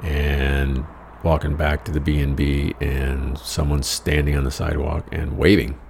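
A man's voice: a bass voice, little pitch movement, a little slow, gravelly, darkish tone, a little hiss or hum. An American man telling a rambling travel story in a wry, profane, self-mocking way. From United States. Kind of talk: casual personal storytelling.

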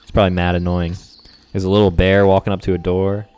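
A man's voice: sits low, flat delivery, quick pace, a little mellow, a little hiss or hum. A young man in casual chat among friends, blunt and laid-back, swearing freely.

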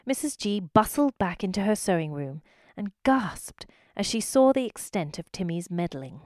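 A woman reads a children's story aloud, bringing life to every sentence with her storytelling. Her voice sits in a middle pitch and is recorded dry and close to the mic. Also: normal speed, no room sound. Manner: expressive, lively storytelling. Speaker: narrator. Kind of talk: storybook reading.

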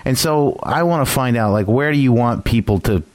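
A man who works in radio, talking in a casual, halting way with many restarts. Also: medium pitch, lively intonation, no room sound. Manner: halting, rambling with fillers. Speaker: radio host. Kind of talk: casual chat.

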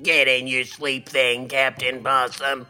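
A man voicing a cold, bossy male ship robot that gives flat orders. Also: mid-range voice, slow pace, soft background music.

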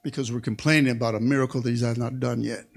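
A man's voice: medium pitch, fairly even intonation, fast, vocal fry. A male pastor preaching a sermon to a congregation, fervent and rousing, with frequent calls of amen and come on. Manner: fervent preaching with call-and-response, punctuated by shouted amens. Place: church service before a congregation.

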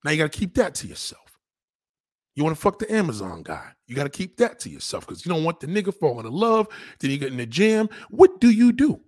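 Husky, animated man ranting bluntly. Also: a little high, quick pace, no echo, clean studio sound. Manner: blunt, crude and heated, addressing viewers directly. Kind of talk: profane relationship rant.

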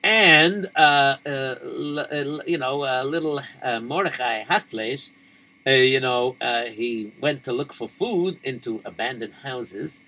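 A man telling a story casually, pausing often with fillers. His voice is bright and forceful, at a middle pitch. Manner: halting, with many fillers.

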